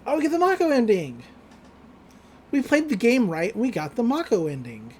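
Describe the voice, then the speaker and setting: A woman's voice: a little high, very animated, moderate pace, darkish tone, husky. A young woman co-hosting a podcast, chatting casually and rambling through an episode recap. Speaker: podcast co-host.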